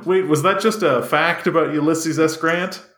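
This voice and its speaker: A man's voice: on the high side, moderate pace, fairly bright tone. A man co-hosting a comedy podcast, riffing playfully on absurd ideas. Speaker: podcast co-host. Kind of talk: casual comedic banter. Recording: echoey room.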